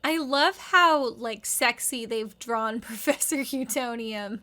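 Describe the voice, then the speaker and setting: A woman's voice: fairly high pitch, slow pace, few pauses, bright, forceful tone. A woman in her thirties giving rambling, wry casual commentary with lots of "like". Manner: wry, rambling, heavy use of "like". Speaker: video essayist.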